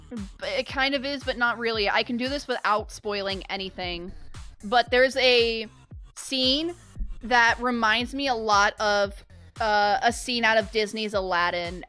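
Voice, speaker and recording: A young woman streamer chatting casually with her viewers, animated and playful, swearing freely and laughing often. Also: fairly high pitch. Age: young adult. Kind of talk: casual livestream chat.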